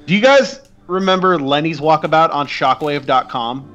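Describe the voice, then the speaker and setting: A man's voice: fairly high pitch, moderate pace, a bit bright, muffled recording, faint music behind. A man co-hosting a podcast in casual chat, rambling with many filler words. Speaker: podcast co-host.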